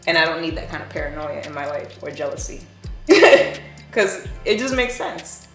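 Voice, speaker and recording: Brief: woman tattoo artist, frank and lively anecdote-teller; lower pitch; echoey room with soft background music. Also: moderate pace. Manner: animated, blunt and profane, laughs often. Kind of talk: casual storytelling chat. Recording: roomy echo with faint music.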